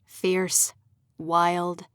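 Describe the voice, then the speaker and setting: A cold, sadistic young male fae, as a woman narrator puts him on, speaking low and husky with a purr. He draws his words out slowly, mocking and menacing. The storybook voice sits a little back from the mic in a dry, close sound. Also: monotone, a bit bright, no room sound.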